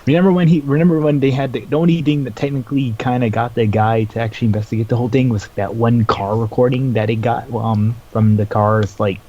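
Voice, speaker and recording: A man's voice: medium pitch, steady tone, fast talker, hardly any pauses, darkish tone. A man co-hosting a casual podcast, laid-back and laughing along while he chats about a manga. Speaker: podcast co-host. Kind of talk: casual chat reviewing a manga. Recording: dull lo-fi audio.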